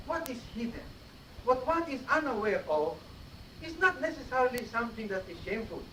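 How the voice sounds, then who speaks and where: A man's voice: extremely high pitch, pushed and bright. A man giving a mosque sermon in a teacherly way, often checking his listeners with short questions, on an old cassette tape. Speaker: preacher giving a Friday sermon. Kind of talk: explanatory sermon. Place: mosque hall. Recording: roomy, distant 1980s cassette tape with faint hiss.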